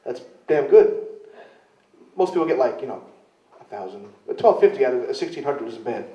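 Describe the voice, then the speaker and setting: A man's voice: mid-range voice, expressive, normal speed, warm tone. A man telling rambling, self-mocking stories in a casual interview, often mimicking other people's voices as he quotes them. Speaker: interview guest, wrestler. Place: club venue in London. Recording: roomy, distant, dull sound.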